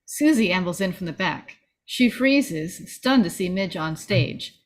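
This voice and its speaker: A woman's voice: lowish voice, animated, measured pace. A woman reading the stage directions aloud at a table read, plain and matter-of-fact.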